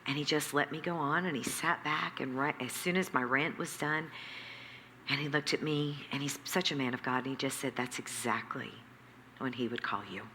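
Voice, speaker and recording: A woman who runs a nonprofit, telling her story in an interview with lively acted-out quotes and emphatic repetition. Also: sits low, fairly quick. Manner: animated, acts out quoted dialogue, emphatic repetition. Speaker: nonprofit CEO, interview guest. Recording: echoey hall with faint background noise.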